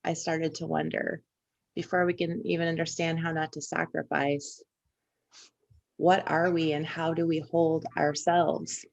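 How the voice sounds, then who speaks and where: Gravelly low-voiced woman telling stories. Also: flat delivery, a little slow. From Indiana. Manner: reflective, tells personal stories at length. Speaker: podcast co-host. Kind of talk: casual conversation.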